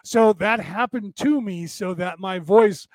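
Tired from hours of talking, a podcast host gives a long, rambling casual monologue, often restarting his sentences. He's older with graying hair, and his high-pitched, worn voice, which he calls damaged but penetrating, comes through a little slowly in a dry recording.

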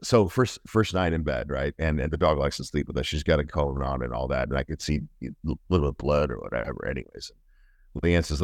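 A middle-aged man telling a personal story as an interview guest, earnest and halting, often restarting his sentences. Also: rumbling low, no echo, studio quality.

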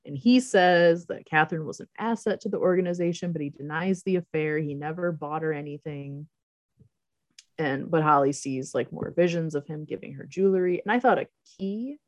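A woman's voice: low-pitched, moderate pace, no echo. A woman in casual chat, recapping a movie plot with frequent laughter and acted-out quotes. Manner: laughs often, acts out quoted lines. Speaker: podcast co-host recapping a movie.

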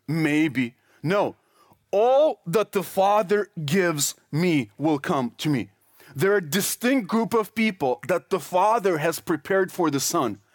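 A man preaching a sermon, reading scripture slowly and pressing each point with emphasis. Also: high voice, no echo, studio quality. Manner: emphatic, slows down to stress scripture phrases.

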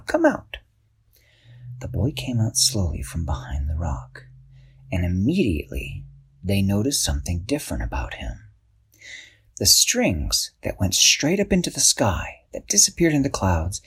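Brief: husky male storyteller, animated, lingers on spooky bits. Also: deep voice. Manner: expressive, slows for suspense. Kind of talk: children's story narration.

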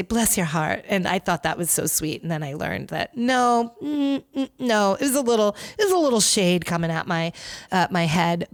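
A woman's voice: medium pitch, no room sound, clean studio sound. A woman from New York hosting a podcast alone, talking in a chatty, gossipy, sarcastic way with lots of fillers. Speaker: podcast host. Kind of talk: casual solo podcast commentary.

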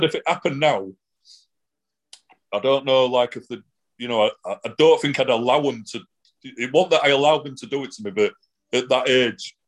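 A middle-aged man talks freely in an interview, circling back on himself with "you know" and "like" and swearing bluntly. His voice sits at an ordinary middle pitch. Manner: rambling, many restarts and fillers, blunt swearing. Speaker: guest. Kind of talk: casual interview, personal account.

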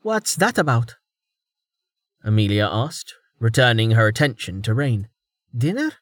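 A man voicing a brisk, self-assured young woman warrior with a curt, dry humour. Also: medium pitch, very animated, dry recording. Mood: amused.

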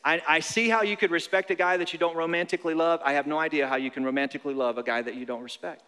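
A young male pastor preaching with a high, bright voice that rings out in a large church hall. He is animated and jokes a lot, and he doubles up his phrases for emphasis. The long reverb of the auditorium trails after each line. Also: very fast, clear, resonant tone. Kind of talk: sermon.

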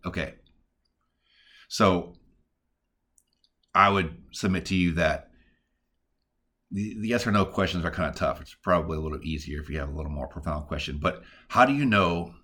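A man's voice: extremely low pitch, pushed and bright. A man hosting a podcast, teaching casually and earnestly on prayer and reading scripture in a conversational way. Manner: earnest, conversational, with many "like" and "all right" fillers.

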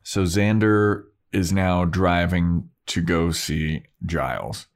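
A man's voice: sits low, fairly even intonation, slow pace. A man co-hosting a podcast, chatting casually and slangily while recapping an episode. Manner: laid-back, slangy. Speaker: podcast co-host.

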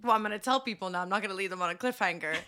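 A woman's voice: mid-range voice, racing, a little hiss or hum. A woman co-hosting a podcast, telling stories in casual chat with frequent laughter. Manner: giggly, animated storyteller. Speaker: podcast co-host.

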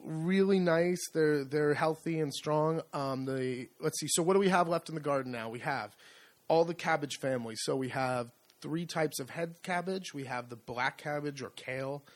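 A man co-hosting a relaxed podcast, his voice sitting a little high for a man. He talks in a loose, rambling way, full of ums and false starts. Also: moderate pace. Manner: rambling, many fillers and restarts. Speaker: podcast co-host. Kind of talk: casual chat.

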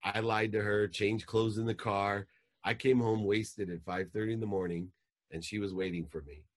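A man telling an emotional personal story as a podcast guest, growing animated as he relives it. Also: fairly low pitch, normal speed.

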